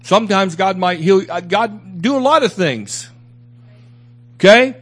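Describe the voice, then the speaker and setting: A man's voice: high-pitched, expressive, measured pace, fairly bright tone, slightly rough. A man preaching a sermon as pastor, emphatic and repetitive, with candid asides to his congregation. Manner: emphatic preaching with repeated phrases.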